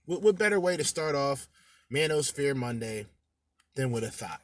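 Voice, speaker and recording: A man's voice: medium pitch, animated, normal speed. A man hosting a podcast in a casual, brash commentary style, swearing and bantering with his listeners. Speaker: podcast host.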